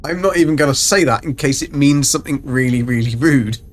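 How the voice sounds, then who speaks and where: A man's voice: medium pitch, brisk. A man chatting casually and rambling through a live game stream. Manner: chatty, rambling, self-mocking.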